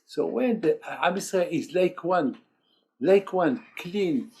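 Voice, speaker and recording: Husky older rabbi preaching emphatically. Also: male voice, high-pitched, expressive, slow pace, mellow. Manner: emphatic, repeats key phrases, sprinkled with Hebrew terms; speaks English as a second language, broken grammar. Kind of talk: sermon.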